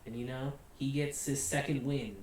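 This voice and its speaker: A chatty American man talks through an anime review in a relaxed, rambling way, laughing often. His voice sits in a very reverberant room, a little off the microphone, with faint hiss behind it. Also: mid-range voice, normal speed, distant mic. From United States. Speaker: anime reviewer, channel host. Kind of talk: casual spoken review.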